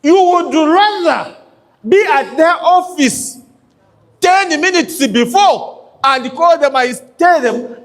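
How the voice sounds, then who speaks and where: A man's voice: very high voice, expressive, takes it slowly, fairly bright tone. A man giving a motivational business talk to an audience, emphatic and checking in with his listeners. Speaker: business coach.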